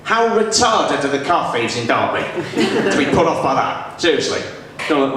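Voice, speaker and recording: A young man in his twenties with a generic northern English accent doing a lively, self-deprecating stand-up set on a small club stage. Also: on the high side, normal speed. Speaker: stand-up comedian. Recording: far-off echoey club recording with audience. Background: audience laughter and room noise.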